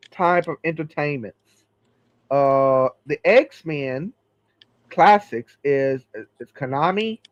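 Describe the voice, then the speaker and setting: Casting: man host, slow and halting delivery with fillers, slightly high voice, dry lo-fi sound. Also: dry recording. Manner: reads game lists slowly with many fillers. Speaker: podcast host. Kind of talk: casual chat.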